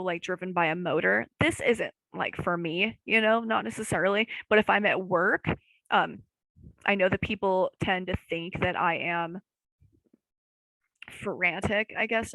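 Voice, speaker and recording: Casual young woman podcast host, rambling and self-deprecating, gravelly voice, dry close sound. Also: medium pitch, normal speed, a bit bright, dry recording, rough recording. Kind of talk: casual chat.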